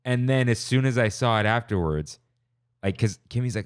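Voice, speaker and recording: A man's voice: mid-range voice, lively intonation, moderate pace, clean tone, no echo, clean studio sound. A man hosting a podcast, talking in a rambling, upbeat, casual way and often cutting himself off. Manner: rambling, self-interrupting, upbeat. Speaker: podcast host. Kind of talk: casual chat.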